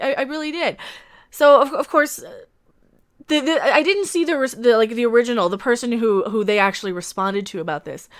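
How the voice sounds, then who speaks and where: A young woman YouTube commentator ranting sarcastically to camera, loud and full of swearing and laughter. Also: a little high.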